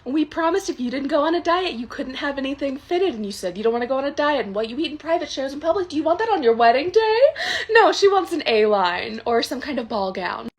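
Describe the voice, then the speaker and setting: A woman's voice: high voice, animated, fast. A young woman playing an entitled, demanding middle-aged woman customer who talks indignantly and stumbles over restarts.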